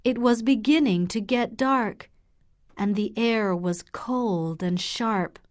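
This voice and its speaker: Very slow, careful female storyteller. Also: fairly high pitch. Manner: clear, careful, deliberate. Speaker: audiobook narrator. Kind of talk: slow graded-reader narration for learners.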